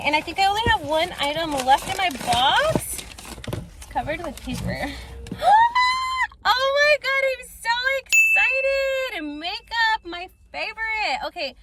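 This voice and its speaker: A woman vlogger chatting casually through a beauty box unboxing, gushing and excitable with lots of fillers. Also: high-pitched, slight background noise.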